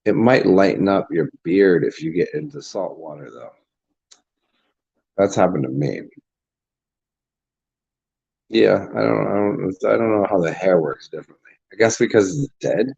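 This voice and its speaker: A man's voice: low-pitched, a little slow, vocal fry, long pauses, a little mellow, breathy edge. A man giving a rambling, profane casual monologue as a spiritual vlogger, restarting his sentences often. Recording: dull lo-fi recording.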